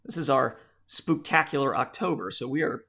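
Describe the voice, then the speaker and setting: A man's voice: medium pitch, expressive, normal speed, bright, forceful tone, husky. A man hosting a book podcast in casual, joking chat. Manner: joking, easygoing. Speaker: podcast host.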